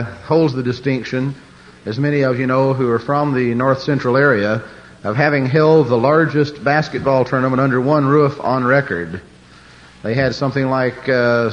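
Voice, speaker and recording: Man introducing a speaker, halting. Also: medium pitch. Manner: halting, with pauses and fillers. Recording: dull lo-fi archive tape.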